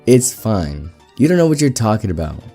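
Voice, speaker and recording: A man voicing an arrogant company boss who scoffs at and shouts down a builder. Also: on the low side, sing-song, moderate pace, husky, faint music behind. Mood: scornful, angry. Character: arrogant, blustering male fuel company boss.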